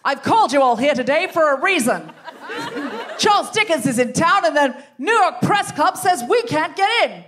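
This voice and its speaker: Une meneuse indignée d'un club de dames du XIXe siècle, jouée par une femme en impro sur scène, voix haute et animée. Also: female voice, high-pitched, sing-song, normal speed, a bit bright, slight background noise, pitched above the performer's own voice. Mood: rousing indignant. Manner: rousing, indignant speech-making. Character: fiery 1860s woman journalist, club ringleader. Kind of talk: improvised comedy scene on a live stage.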